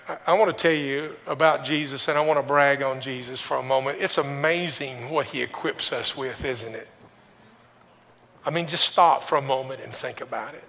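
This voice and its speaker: Gravelly pastor preaching in an echoing hall. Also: male voice, fairly high pitch, fairly bright tone. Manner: conversational, with restarts and rhetorical questions. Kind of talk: sermon with personal story. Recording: long hall reverb.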